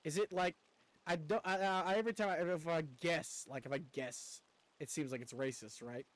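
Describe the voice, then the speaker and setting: A man's voice: fairly high pitch, brisk, a bit bright, no room sound. A man streaming a video game, chatting casually as he plays, rambling and stammering and poking fun at himself. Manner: rambling, stammering, self-mocking. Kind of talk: casual gameplay commentary.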